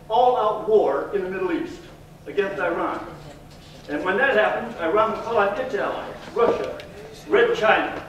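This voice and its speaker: A man's voice: high voice, slight background noise. A man in his sixties giving a fiery, emphatic campaign speech as a congressional candidate at a public forum. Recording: echoey hall from far off.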